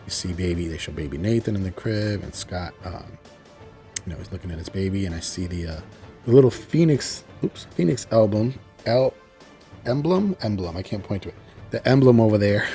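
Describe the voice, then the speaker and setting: A man casually recapping a cartoon episode, rambling with lots of fillers and excited exclamations. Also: on the low side, moderate pace, soft background music. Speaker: show reviewer.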